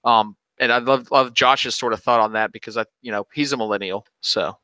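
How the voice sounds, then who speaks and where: A man's voice: mid-range voice, fairly even intonation, a little fast, bright, forceful tone, clear, resonant tone, no echo. A man co-hosting a casual football podcast, chipping in with light, joking asides. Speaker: podcast co-host.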